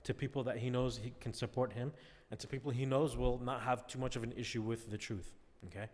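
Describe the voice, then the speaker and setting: Male class teacher, conversational lecture style, medium pitch, reverberant classroom sound. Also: fairly even intonation, a little fast, a little mellow. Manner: conversational, checks in with "all right?" often. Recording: long reverb.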